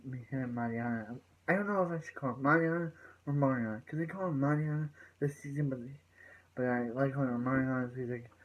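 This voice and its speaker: A man's voice: medium pitch, poor audio. A man giving a loose, rambling recap of a TV episode as a reviewer, with lots of "so yeah" fillers as he paraphrases what the characters say. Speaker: TV show reviewer.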